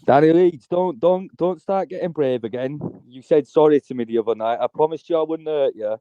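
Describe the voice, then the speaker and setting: A man's voice: fairly high pitch, a little fast, clear, resonant tone, dry recording. A man calling in to a live fight stream, teasing and mocking in casual banter and swearing often. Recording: tinny phone line, dry.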